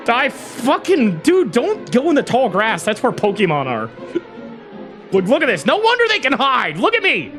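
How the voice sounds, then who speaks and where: Brief: excitable, foul-mouthed live streamer, bright voice, faint music underneath. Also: medium pitch, a little slow. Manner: hyper, shouty, swears a lot. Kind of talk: live stream chat with viewers.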